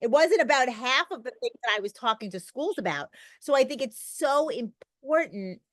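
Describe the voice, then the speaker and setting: A woman's voice: high voice, lively intonation, normal speed, no room sound. A middle-aged woman talking as a podcast guest, an emphatic and talkative storyteller in casual conversation. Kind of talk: conversational interview.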